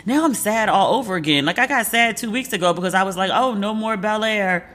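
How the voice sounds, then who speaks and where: A woman's voice: mid-range voice, fast. A woman in her forties talking solo on a casual podcast. She riffs animatedly on what she's been watching. She slips into voices to act out what people said. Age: 40s. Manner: animated, acts out quotes in different voices. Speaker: podcast host.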